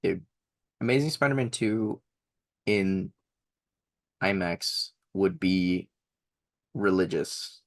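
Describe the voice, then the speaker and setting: A man's voice: deep voice, slow pace, vocal fry, long pauses. A young man co-hosting a podcast in casual chat, enthusiastic and rambling, laughing often. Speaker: podcast co-host.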